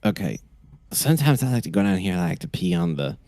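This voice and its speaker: A man's voice: low-pitched, expressive, fast, warm tone. A man voicing a crude, rambling man with a flamethrower who swears and stammers. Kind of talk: tabletop game character voice.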